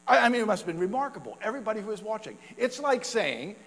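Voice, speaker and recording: Pastor preaching in a reverberant hall. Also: male voice, sits high, very animated, fast talker, a bit bright. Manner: conversational, with fillers and laughs. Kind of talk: sermon.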